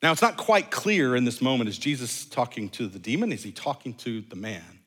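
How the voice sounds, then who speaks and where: In an earnest sermon, a pastor swings between loud emphasis and hushed, low phrasing, repeating words often as he works through his thoughts. His intonation is lively, his pace a little fast, and his voice slightly rough.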